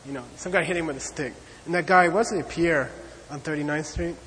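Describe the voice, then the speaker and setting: High-voiced lecturing man, animated. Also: a little fast, slight background noise. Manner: animated, conversational, with frequent "okay?" and "you know". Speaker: Buddhist teacher. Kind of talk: teaching lecture. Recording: long hall reverb.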